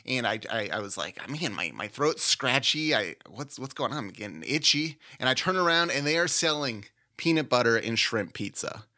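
A man's voice: mid-range voice, pushed and bright, lightly acted. A man voicing an anxious middle-aged woman patient who rambles about her scratchy throat and breathing. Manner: rambling, chatty, incredulous.

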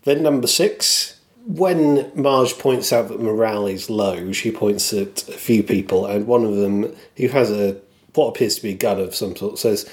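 A man's voice: on the low side, unhurried, a little mellow. A man co-hosting a podcast, chatting casually and quoting lines in put-on voices. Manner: quotes lines in put-on voices, chuckles at himself. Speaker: podcast co-host. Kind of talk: casual chat and scripted segment.

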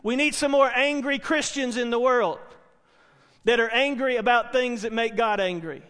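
A middle-aged Baptist pastor preaching a sermon in earnest, repetitive phrases, asking the congregation questions in a church. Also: male voice, extremely high pitch, moderate pace, a bit bright. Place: church sanctuary. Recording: long hall reverb.

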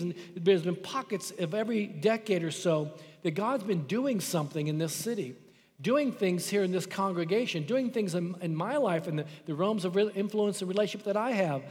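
Brief: middle-aged male pastor, high voice, fervent sermon delivery, reverberant church hall. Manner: impassioned preaching with dramatic quoted voices. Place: church sanctuary.

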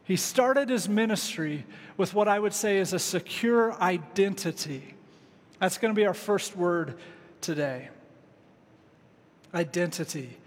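A male pastor preaching a sermon in a church, in a conversational, relaxed way with casual asides. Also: high-pitched, a little slow, long pauses, in a large hall. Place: church sanctuary.

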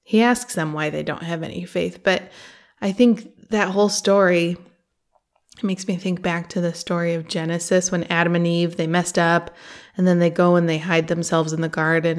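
Hosting a faith podcast, a woman talks at a moderate pace in a lowish voice with little pitch variation. Her reflective, conversational tone stays earnest as she reads book passages aloud.

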